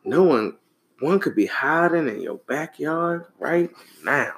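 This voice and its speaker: A man reading a folktale aloud to a child, animated and relaxed, with casual asides. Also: fairly high pitch, slow pace, gravelly. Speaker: storyteller.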